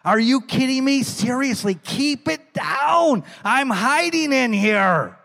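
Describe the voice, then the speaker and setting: A man voicing a nervous man who is hiding and begs a booming voice to keep quiet, in a hushed, frantic way. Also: expressive, slow, vocal fry, long reverb tail, heavily acted. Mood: alarmed.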